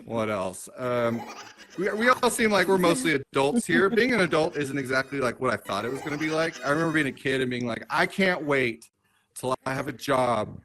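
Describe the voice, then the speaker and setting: Lively, bright-voiced man doing stand-up. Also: on the high side, rough recording. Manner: dry self-mocking delivery with quick asides to the crowd. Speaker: stand-up comedian hosting the show. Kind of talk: stand-up comedy set. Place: comedy club stage.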